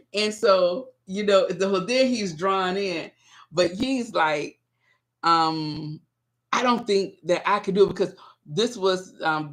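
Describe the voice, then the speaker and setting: A woman's voice: fairly low pitch, a bit bright. A woman hosting her own vlog, chatting casually and rambling as she speaks directly to her viewers.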